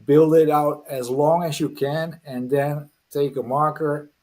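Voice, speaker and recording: A man's voice: fairly high pitch, fairly even intonation, unhurried, a little mellow. A man, a guest hypnotist on a podcast video call, giving direct, earnest advice and leading a hypnosis session.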